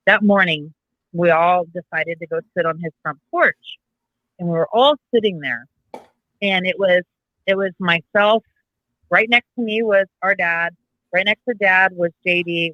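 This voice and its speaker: A woman's voice: lowish voice, bright, forceful tone, dry recording, highs cut off. A woman co-hosting a podcast, telling a family story casually and restarting her sentences often. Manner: rambling, with frequent restarts and self-corrections. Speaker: podcast co-host.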